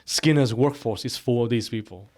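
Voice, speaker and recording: A man's voice: medium pitch, normal speed, darkish tone. A man co-hosting a podcast, talking casually about a film and stumbling over his words as he recaps the plot. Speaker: podcast co-host.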